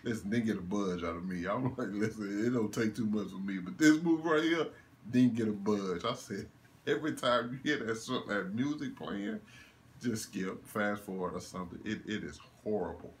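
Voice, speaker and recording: A man's voice: lowish voice, moderate pace. A young man giving a casual one-take movie review, ranting in disbelief, laughing and swearing as he goes. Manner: animated, laughing, incredulous rants with swearing.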